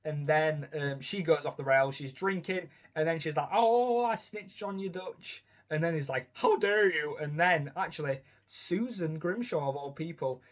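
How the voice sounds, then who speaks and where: Chatty man, slightly high voice. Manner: chatty, keeps adding tag questions. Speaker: gaming video host. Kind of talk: casual tier-list commentary.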